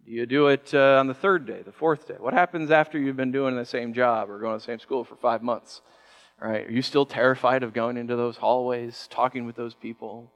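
A man preaching a sermon as pastor, conversational and animated, acting out quick quoted voices. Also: medium pitch.

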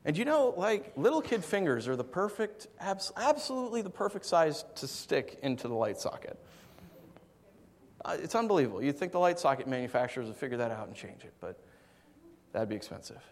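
A man preaching a sermon, swinging from soft, low asides to loud, emphatic passages and telling stories in a conversational way. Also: very animated, fairly quick. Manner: conversational storytelling with fillers. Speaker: pastor. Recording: long hall reverb.

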